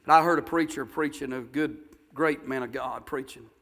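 A man preaching a sermon, telling a story in a folksy way and rising to fervent shouted exhortation. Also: medium pitch, normal speed. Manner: folksy, builds to shouting fervor.

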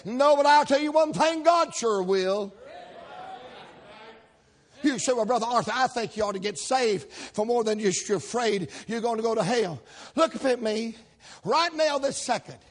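High-voiced preacher telling a story. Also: male voice, expressive, moderate pace. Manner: folksy storytelling with sudden shouted climaxes. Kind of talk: revival sermon storytelling.

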